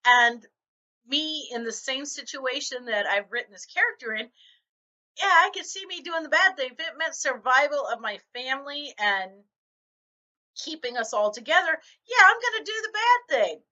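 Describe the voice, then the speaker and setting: A woman's voice: sits high, moderate pace. A middle-aged woman vlogging about her writing, telling stories animatedly and acting out other people's reactions. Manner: animated storytelling, acts out quoted reactions. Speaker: novelist vlogger. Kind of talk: casual talk to camera. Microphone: camera mic. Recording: dull lo-fi camera audio.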